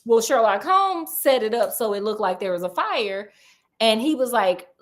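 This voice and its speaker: A young woman casually retelling a classic detective story, animated and slangy, laughing often. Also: mid-range voice, a little slow. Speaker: podcast storyteller.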